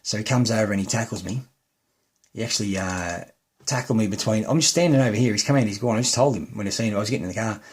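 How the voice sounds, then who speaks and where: A man's voice: lowish voice, fast, breathy edge. An Australian man in an angry, heated rant, swearing heavily and restarting his sentences often. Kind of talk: angry ranting monologue.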